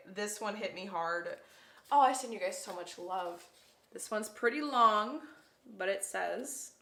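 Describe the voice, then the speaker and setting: A woman's voice: mid-range voice, fairly bright tone. A woman giving a casual card reading to viewers, heartfelt and effusive, leaning hard on the lines she wants heard. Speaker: tarot card reader. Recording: echoey room.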